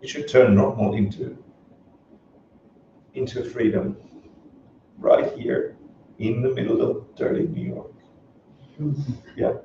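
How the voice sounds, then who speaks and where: A man teaching a relaxed class on Buddhism, joking and laughing often as he talks. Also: mid-range voice, far from the mic, a little hiss or hum. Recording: echoey dull room recording from afar.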